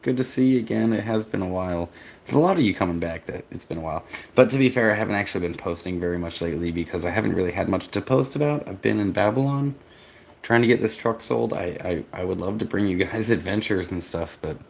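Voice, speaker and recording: A man from Texas, a vlogger, reading his chat aloud and answering in a rambling, halting way, tired from poor sleep. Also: low-pitched, creaky, a little mellow, a little hiss or hum. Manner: rambling, halting, with restarts and laughs. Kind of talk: casual live-stream chat.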